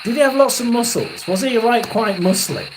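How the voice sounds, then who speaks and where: Doing a live tarot and spirit reading, a psychic medium in his sixties speaks in a very high, sing-song voice. He halts and rambles, often clears his throat, and background noise can be heard.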